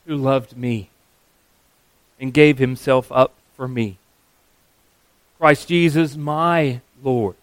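A man preaching a sermon, earnest and emphatic, slowing down to stress key words. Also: mid-range voice, dry recording.

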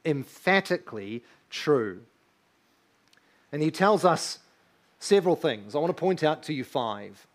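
A man's voice: on the high side, big pitch swings, moderate pace. A man in his thirties preaching a sermon, earnest and emphatic, often asking his listeners rhetorical questions. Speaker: pastor.

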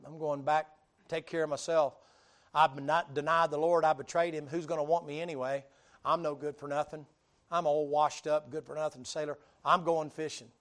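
A man's voice: a little high, flat delivery, normal speed, a bit bright, close to an everyday voice. A preacher doing Peter as a washed-up old fisherman. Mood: despairing. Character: weary old fisherman Peter, self-pitying, older man.

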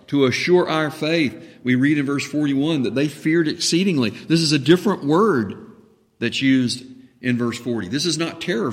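A man preaching a sermon as pastor, impassioned, dropping to a hush and then rising to a booming voice. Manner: impassioned, swings between hushed and booming when voicing Jesus. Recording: reverberant hall.

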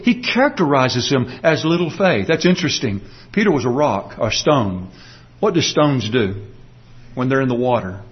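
A man preaching a sermon, explaining a passage earnestly and slowing down to stress his points. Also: mid-range voice, animated, lo-fi sound. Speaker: pastor.

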